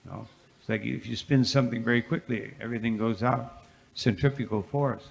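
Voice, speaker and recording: A man's voice: medium pitch, a little fast, gravelly. Man telling a sacred story in a long-echo hall. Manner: lively storyteller, frequent "you know" asides. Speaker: monk giving a scripture class. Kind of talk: devotional lecture, storytelling. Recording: reverberant hall.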